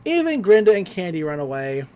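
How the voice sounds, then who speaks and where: Animated podcast host recapping a cartoon. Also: mid-range voice, a little fast. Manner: animated storytelling, laughs often, slips into character voices. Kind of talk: casual episode recap.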